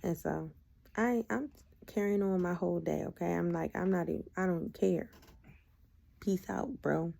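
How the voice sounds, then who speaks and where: A woman's voice: on the low side, normal speed, gravelly. A young adult woman, casually retelling a personal story and acting out what was said. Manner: animated retelling, acting out her own quoted lines. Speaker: video host sharing her testimony.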